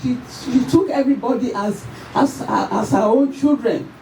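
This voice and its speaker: A Nigerian woman giving an emotional tribute at a memorial service, her voice shaking as she tells the story in halting, repeated phrases. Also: on the high side, creaky, mellow. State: tearful, voice shaking. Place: church or event hall at a memorial service. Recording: echoey hall, far from the mic, faint noise.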